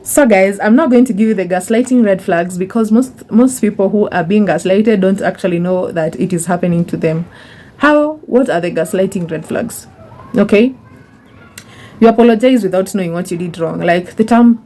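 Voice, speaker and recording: A young woman talks straight to her viewers in a chatty advice vlog. Her voice is mellow and warm at a middle pitch. She repeats words for emphasis and calls her listeners honey. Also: moderate pace. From Kenya. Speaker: YouTuber. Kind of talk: casual advice monologue.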